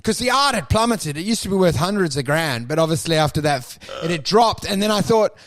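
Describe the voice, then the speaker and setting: A man co-hosting a comedy podcast, telling animated stories in casual chat and acting out the people in them. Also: high voice, brisk. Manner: animated storyteller, acts out voices. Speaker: podcast co-host.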